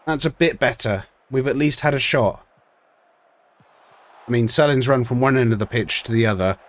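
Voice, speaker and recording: A man's voice: mid-range voice, normal speed, dry recording. A man giving ranting, sweary commentary on a football management game, exasperated with his team. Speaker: streamer.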